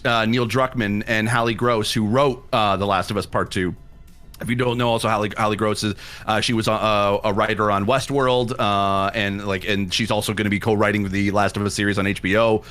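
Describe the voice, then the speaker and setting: Man animatedly retelling a story on stream. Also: lowish voice. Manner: animated retelling that acts out his own past reactions. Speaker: livestream host. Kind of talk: casual storytelling on a livestream.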